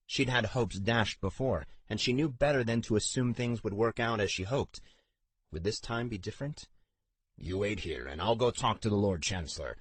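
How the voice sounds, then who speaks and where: A male narrator reads a fantasy audiobook in a steady, even storytelling voice. His tone is low with a husky grain, and the recording is dry and close with no room sound. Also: no echo. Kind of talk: scripted narration.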